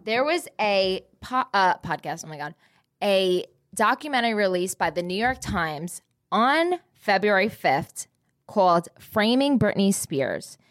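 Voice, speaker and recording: Woman co-host, mid-pitched, gossipy chat, curses freely. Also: lively intonation, measured pace, dry recording, clean studio sound. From Texas. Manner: gossipy, swears freely, laughs often. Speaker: podcast co-host. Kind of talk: casual chat and ad reads.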